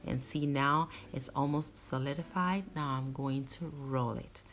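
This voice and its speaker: A woman with a notably low-pitched voice walks viewers through a recipe step by step. She talks like a cooking channel host, leaning hard on key words as she explains. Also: a little slow, faint music behind. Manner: warm instructive, emphatic on key words.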